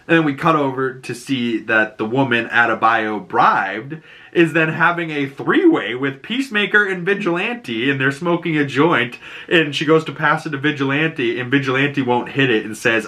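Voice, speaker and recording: A man's voice: medium pitch, lively intonation, normal speed, sharp tone. A man casually recapping a TV show, laughing often and swearing freely.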